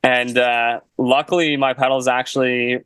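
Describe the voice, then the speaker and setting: A man's voice: mid-range voice, level tone, unhurried, a bit bright, clear, resonant tone, no echo, poor audio. A young man, a guest musician, telling a casual story in a laid-back way, full of "like" and "you know.". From Canada.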